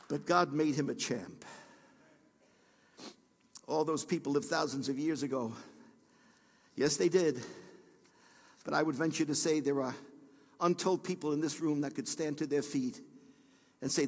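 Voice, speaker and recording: High-voiced preacher in a reverberant church. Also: male voice, measured pace, long pauses, husky. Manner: preaching with swells from hushed lows to shouted peaks. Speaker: pastor. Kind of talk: sermon. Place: church sanctuary.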